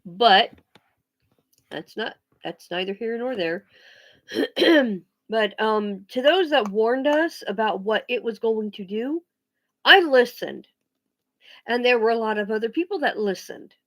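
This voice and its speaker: A woman's voice: a little high, lively intonation, a bit bright. A woman ranting bluntly on a casual vlog, swearing freely and often restarting her sentences. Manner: blunt, profane, emphatic; halting restarts and pauses. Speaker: vlogger.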